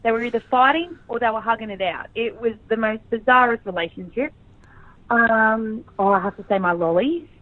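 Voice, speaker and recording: A woman's voice: on the high side, dry recording. Aussie woman guest, chatty and frank, down a dry tinny phone line. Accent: Australian. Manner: chatty and frank, quick to laugh. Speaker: reality show contestant, interview guest. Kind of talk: casual phone interview.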